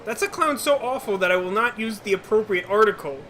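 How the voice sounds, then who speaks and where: A man's voice: sits high, animated, fairly quick, bright, forceful tone. A man streaming a video game, joking and rambling to his viewers in casual commentary. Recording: game music playing behind.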